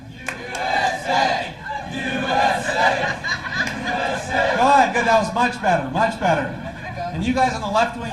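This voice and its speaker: A man performing a stand-up set, working the crowd and at times shouting to rile it up. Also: sits high. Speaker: stand-up comedian. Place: comedy stage before a live audience. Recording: echoey room with noise.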